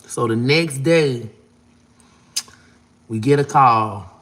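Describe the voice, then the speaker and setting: Speaking slowly in a mid-range, somewhat bright voice, the Florida vlogger in his 40s casually spins a long story laced with profanity. His telling wanders, and he performs quotes in a raised voice.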